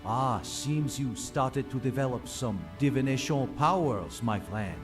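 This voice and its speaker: A man's voice: medium pitch, expressive, a little slow, soft background music, natural voice. Man voicing Jardet, a serene French-accented priest. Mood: knowing. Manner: serene, welcoming, softly devout. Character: gentle male nature priest. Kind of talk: game character dialogue.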